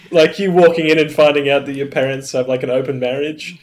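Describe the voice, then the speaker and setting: A man in casual chat, eagerly pitching ideas with a dark sense of humor. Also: fairly even intonation, moderate pace.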